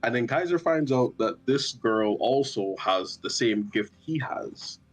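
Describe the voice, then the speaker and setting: A man's voice: medium pitch, animated, unhurried, soft background music. A young man casually recapping a tabletop game session, rambling and joking with lots of swearing. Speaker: tabletop player.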